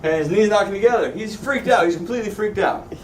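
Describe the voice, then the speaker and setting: A Sunday school teacher with a high voice talks fast as he jokes and asks his students questions during a Bible class. He's in a church classroom, heard from a distance in the echoey room, with slight background noise.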